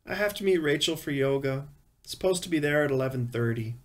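Give me a sleepy, affectionate wife, as a male narrator puts her on, raised pitch and quiet. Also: lively intonation, fairly quick, lightly acted. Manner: soft, drowsy.

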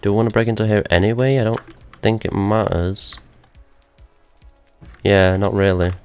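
A man's voice: on the low side, steady tone, normal speed, darkish tone, clean tone, faint music behind. A young man giving rambling let's-play commentary to himself, with wry asides as he explores a game. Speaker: gaming video host.

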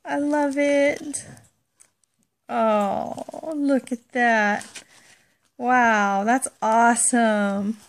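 A woman talks through a casual unboxing vlog, gushing and excitable, slipping into baby talk with her pets. Her voice sits a touch high, and she speaks slowly and without hurry. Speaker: vlogger.

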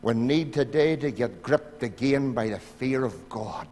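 A Northern Irish pastor preaching a sermon in a church, pleading with his congregation and swinging from loud appeals to hushed asides. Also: mid-range voice, unhurried. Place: church sanctuary. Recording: church hall reverb.

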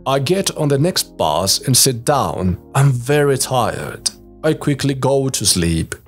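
A man reading a short story aloud as English reading practice, in a careful, deliberate way. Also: mid-range voice, very animated, faint music behind. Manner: careful, deliberate reading with a swooping, sing-song intonation.

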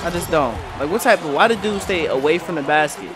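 A young man commentating live on his own basketball video game, excitable and trash-talking at the screen. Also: a little high, fairly quick. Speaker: gaming commentator. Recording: game music and crowd noise faintly behind. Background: faint game music and arena crowd.

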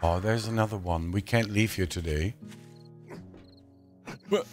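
A man's voice: lowish voice, measured pace, a little mellow, soft background music. A man casually commenting on his own survival game, chatting to the zombies and grumbling at them in mock annoyance; his is not English. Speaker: gaming channel host.

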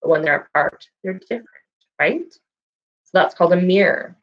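A woman leading a children's story time and craft lesson, speaking in a sing-song, animated way and doing animal sounds for kids. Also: fairly low pitch, moderate pace, muffled recording. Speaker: children's librarian.

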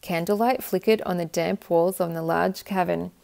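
A woman reading a children's picture book aloud with gentle, expressive narration. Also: on the low side, normal speed, vocal fry. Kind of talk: storybook read-aloud.

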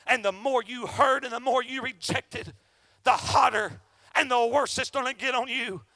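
A fervent male preacher delivers a revival sermon in a strikingly high, bright voice with a gravelly rasp. He swings from shouted outbursts to hushed, dropped passages. The sound is dry and close. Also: normal speed, no echo.

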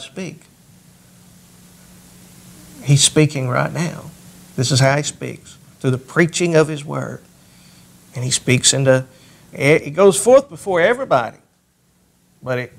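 A male pastor preaching a sermon, lifting his voice when he reads scripture aloud. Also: creaky. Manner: rises in pitch and volume when reading scripture aloud.

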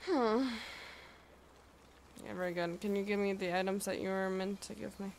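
A woman's voice: medium pitch, steady tone, normal speed, creaky, a little hiss or hum. A woman streaming a game live, chatting casually, swearing freely and talking back to the game and her chat.

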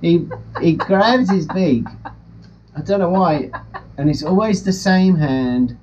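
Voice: mid-range voice, slow pace, darkish tone, slightly rough. A pet vlogger chatting to the camera and a parrot at home, rambling and giggling often. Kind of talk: casual chat to camera and parrot. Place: home room in front of a ring light. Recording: slightly dull with faint noise.

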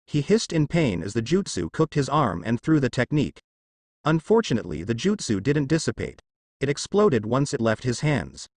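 A man narrates a fanfiction audiobook in steady reading, his pitch moving in a lively way. The sound is dry and close, with no room around it. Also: no room sound.

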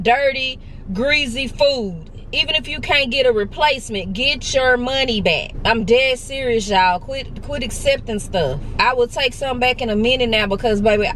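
A young woman vlogging casually, talking to viewers in an animated, slangy, joking way, first from a car and then outdoors on a hill. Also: a little high, a little hiss or hum, low-quality recording.

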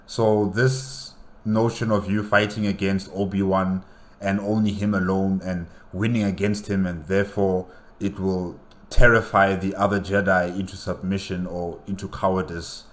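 A man's voice: low voice, flat delivery, moderate pace. A man hosting a reaction video who talks back directly to a character in a casual, argumentative way. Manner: argues directly with a character, rhetorical.

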